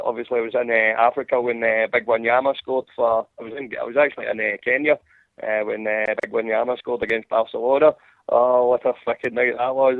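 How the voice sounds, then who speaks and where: Over a tinny phone line with no echo, a Scottish man with a medium-pitched, gravelly voice chats as a podcast host. His talk is casual and profane, rambling along with plenty of restarts.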